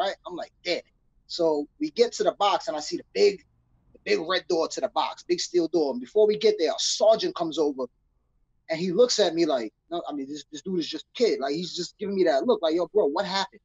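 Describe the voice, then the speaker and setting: A man's voice: high-pitched, lively intonation, brisk, vocal fry, slightly rough, dry recording, lo-fi sound. A young man from New City, telling a story as a guest in a casual interview and acting out the voices he quotes in street slang. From New York City. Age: young adult.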